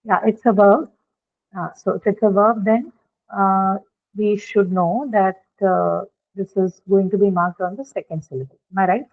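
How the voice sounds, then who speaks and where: Casting: female teacher, patient step-by-step explainer, mid pitch, tinny phone-line audio. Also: steady tone, normal speed. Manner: patient, explains step by step, keeps checking with "right?". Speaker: English pronunciation teacher. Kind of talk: online classroom lecture.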